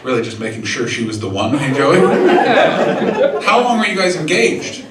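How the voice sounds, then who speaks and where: A man doing stand-up crowd work on a comedy club stage, talking with the audience and breaking into loud, excited impressions. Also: mid-range voice, normal speed. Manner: animated, shouting impressions of excited people. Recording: roomy club sound from far off, crowd laughter.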